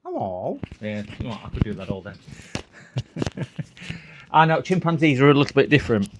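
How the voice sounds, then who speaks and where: A man's voice: medium pitch, big pitch swings, normal speed, a little hiss or hum. A man chatting casually on a live repair stream, rambling and laughing at his own puns.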